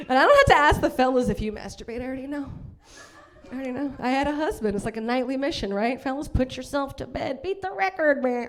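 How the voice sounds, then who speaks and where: A woman's voice: high voice, sing-song, fast. A woman performing a bawdy live stand-up set in a comedy club, brash and laughing at her own jokes.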